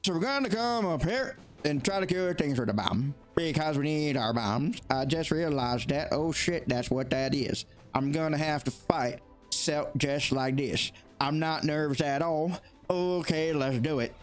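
A man with a slightly high voice talks through a video game, excitable and chatting straight to it. His voice jumps up into high yelps when things get tense. Soft game music plays underneath. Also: a little slow. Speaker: gaming YouTuber. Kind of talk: let's play commentary.

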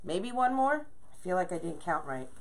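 A woman's voice: fairly low pitch, very animated, normal speed. A woman hosting a live crafting stream, greeting viewers by name and counting aloud as she works. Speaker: craft livestream host. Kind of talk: chatty livestream while crafting.

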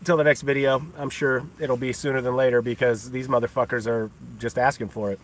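A man's voice: mid-range voice, little pitch movement, a little fast, noisy background. A man ranting on his own livestream, scornful and taunting, cursing freely and breaking into laughter often. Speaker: livestream host. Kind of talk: profane livestream rant.

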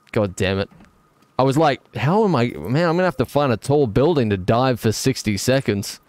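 A young man streaming a video game live, commenting in an excitable, jokey and self-mocking way. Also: on the low side, dry recording.

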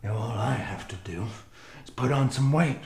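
Guy doing a melodramatic actor desperate for an award, lurches from mumbling to yelling, gravelly, echoey room. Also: mid-range voice, normal speed, close to an everyday voice. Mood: scheming. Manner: swings from muttering to manic screaming. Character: melodramatic young male actor, fame-hungry, shouting. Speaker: actor in a comedy sketch. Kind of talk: scripted sketch comedy.

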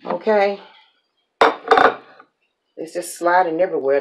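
A woman's voice: on the low side, unhurried, pauses often, darkish tone, muffled recording. A woman chatting casually to the camera as she grills a burger, talking herself through each step and laughing at her own slips. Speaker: mukbang cooking vlogger. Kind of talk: casual cooking chat to camera. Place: home kitchen with grill.

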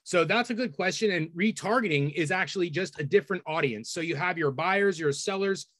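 A man's voice: high-pitched, fairly bright tone, no echo, clean studio sound. A man moderating a webinar, friendly and a little stammering, fielding questions from the audience. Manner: friendly, stammering, quick to agree. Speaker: webinar host.

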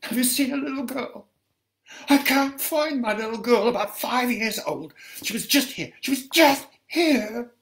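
Man doing a panicky ghost mom begging for help, voice way up high. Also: expressive, a little slow, few pauses, heavily acted. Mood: frantic. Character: frantic ghostly mother searching for her lost daughter.

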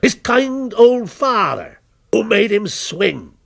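A man voicing a menacing male visitor, a criminal former policeman, in a taunting, slow and deliberate way, in a dramatic story reading. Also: high-pitched, very animated, gravelly, a bit bright, pitched above the performer's own voice, exaggerated voice.

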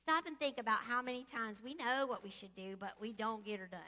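A woman's voice: fairly high pitch, a little fast. A woman preaching a casual, chatty sermon in a church sanctuary, leading her congregation through prayer and questions. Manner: chatty, animated, leads call-and-response singing. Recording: echoey church hall.

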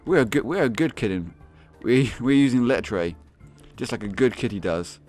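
A young man giving excitable, swearing commentary on a game, laughing often and yelping in high squeaks. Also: moderate pace, faint music behind. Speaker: gaming video host.

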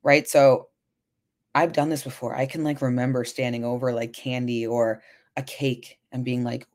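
A woman's voice: very deep voice, little pitch movement, normal speed, a little mellow. A woman lifestyle coach hosting a solo podcast, talking frankly and casually, often checking in with "right?". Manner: chatty, frank, frequent "right?" and swearing.

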